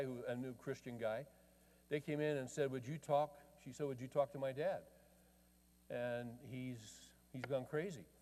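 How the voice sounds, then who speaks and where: A man's voice: fairly high pitch, mellow. A middle-aged man preaching a sermon as a pastor, telling a story in a conversational way and quoting both sides of a dialogue. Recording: long reverb of a large hall.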